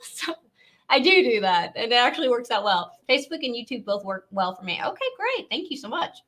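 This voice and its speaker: A woman's voice: on the high side, very animated, fast, fairly bright tone. A woman from Louisiana, hosting a casual live stream and chatting in a rambling way, laughing often.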